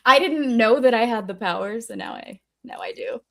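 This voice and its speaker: Animated woman bantering on stream. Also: fairly high pitch, normal speed. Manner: playful and defiant banter. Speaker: co-host. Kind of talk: casual chat on a live stream.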